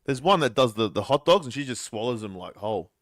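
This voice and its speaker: Young man, podcast co-host, laid-back, laughs easily, very lively pitch, dry studio sound. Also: quick pace, dry recording. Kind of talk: casual chat. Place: small studio.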